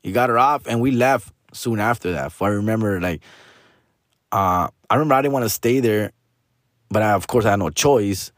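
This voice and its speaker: A man's voice: fairly low pitch, moderate pace, a bit bright, no room sound, studio quality. Profane Chicano man spinning a rambling story. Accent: Chicano English from Los Angeles. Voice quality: slangy, profane, mixes in Spanish. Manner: rambling, trails off and restarts, says "fool" and "dog" often. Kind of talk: casual storytelling monologue.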